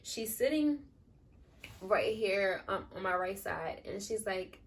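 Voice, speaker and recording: This young woman, a vlogger and new mother, speaks slowly and animatedly at a medium pitch as she casually tells a rambling personal anecdote full of "like." She sits far from the mic.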